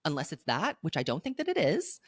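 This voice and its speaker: Low-voiced woman podcast co-host. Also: huge pitch swings, brisk, dry recording. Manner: blunt, emphatic, dry asides. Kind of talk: casual chat.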